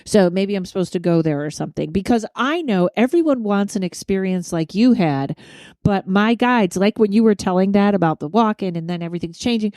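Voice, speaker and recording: A woman hosts a podcast in casual chat, her mellow, warm, mid-range voice lively in intonation and a little fast. She retells everyday stories, laughs easily and acts out what people said, with dry, close sound and no echo.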